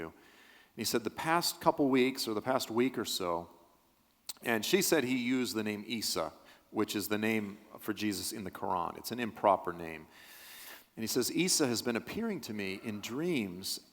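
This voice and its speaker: A man teaching on Bible prophecy who answers audience questions during a church service, telling earnest stories and acting out the quotes. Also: medium pitch. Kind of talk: storytelling in a church Q&A. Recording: long hall reverb from a large church.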